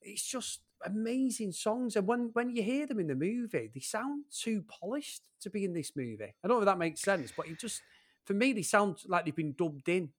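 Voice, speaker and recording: A man's voice: high-pitched, expressive, normal speed. A man co-hosting a film podcast, giving blunt, joking opinions and swearing now and then. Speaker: podcast co-host. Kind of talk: casual film chat.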